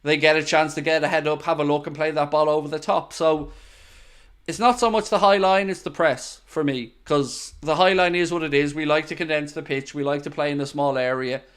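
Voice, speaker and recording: A man's voice: a little high, steady tone, fairly quick, smooth. A man hosting a live football watchalong, chatting casually, thanking viewers and giving tactical opinions. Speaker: football channel host.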